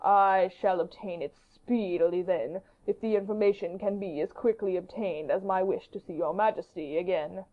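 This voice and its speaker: Woman voicing a slow, deferential courtier. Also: lowish voice, fairly even intonation, natural voice. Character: smooth, flattering male courtier, count. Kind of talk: audiobook character reading. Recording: dull lo-fi audiobook recording.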